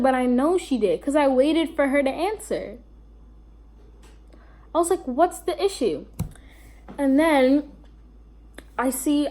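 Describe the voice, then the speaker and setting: A woman's voice: high voice, darkish tone. A young woman with a New York accent telling a rambling storytime vlog, full of fillers and asides. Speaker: vlogger.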